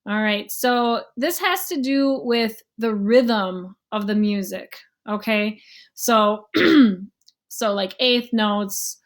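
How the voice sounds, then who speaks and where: A woman's voice: medium pitch, takes it slowly. A young adult woman giving a casual online music lesson, explaining rhythm and scales and sometimes humming or counting beats aloud. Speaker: music teacher.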